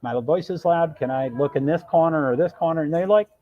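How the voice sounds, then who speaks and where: A man's voice: a little high, fairly quick, lo-fi sound. A man telling a long story on his live stream, rambling, breaking off mid-sentence and acting out what others said. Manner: rambling, self-interrupting, quotes others. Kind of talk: casual storytelling.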